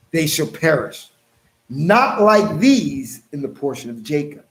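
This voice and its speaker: Preacher, male, slightly raised pitch; reads verses and comments on them with emphatic, slowed-down stresses. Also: low-quality recording. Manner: emphatic, slows down to stress key phrases, talks straight to listeners. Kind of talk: scripture reading with commentary.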